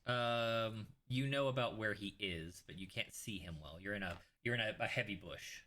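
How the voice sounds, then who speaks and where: A man's voice: lowish voice, moderate pace, sharp tone. A man running a tabletop game as game master, narrating casually with fillers and restarts.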